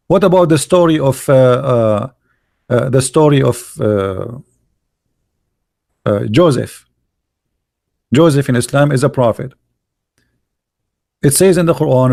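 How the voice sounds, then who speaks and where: A man's voice: mid-range voice, animated, vocal fry, a little mellow, dry recording. Combative, mocking man with a dry voice. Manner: mocking, insulting and argumentative; halting, with many fillers while searching pages. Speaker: religious debate commentator. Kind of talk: combative commentary while reading texts on screen.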